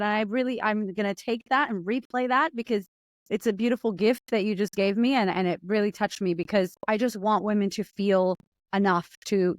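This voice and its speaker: Animated, emotional woman guest. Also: medium pitch, no echo. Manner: animated, emotional and laughing, quick to act out voices. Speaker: guest, confidence coach. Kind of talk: casual conversational interview.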